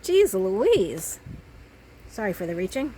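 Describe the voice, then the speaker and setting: A woman's voice: mid-range voice, sing-song, slow pace, dark tone, slight background noise, rough recording. A woman making a craft video, chatting casually to herself and the viewer as she cuts and glues. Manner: chatty, talks to herself while working. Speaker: crafting vlogger.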